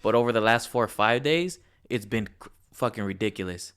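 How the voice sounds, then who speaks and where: Smooth, low-voiced man, blunt chat. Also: a little fast, fairly bright tone. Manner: blunt and profane, laid-back. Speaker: podcast co-host; grocery store worker. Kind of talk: casual chat.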